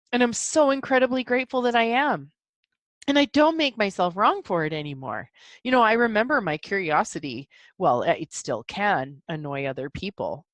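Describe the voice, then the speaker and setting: Recorded with no room sound, her mid-range voice carries a solo podcast monologue. The host, a middle-aged woman, talks on her own show in an enthusiastic, rambling, chatty way, leaning heavily on fillers.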